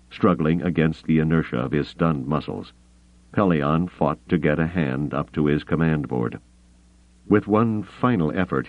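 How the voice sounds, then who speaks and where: Very deep-voiced male audiobook narrator. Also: dry recording. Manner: dramatic, expressive reading with measured pauses. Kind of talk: scripted novel narration. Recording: tinny phone-like audio.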